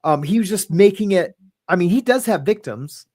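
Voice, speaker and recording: A man's voice: sits high, lively intonation, normal speed, a little mellow. A man hosting a casual talk show, rambling and hesitant, with lots of fillers and restarts and some casual swearing. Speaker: podcast host. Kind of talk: casual chat.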